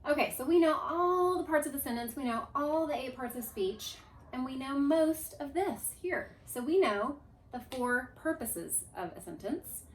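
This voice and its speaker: A woman's voice: sits high, normal speed. A woman teacher leading a class through a grammar review in a classroom, coaxing answers and leading chants. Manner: lively, coaxing, leads chants. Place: classroom with a board. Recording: echoey room.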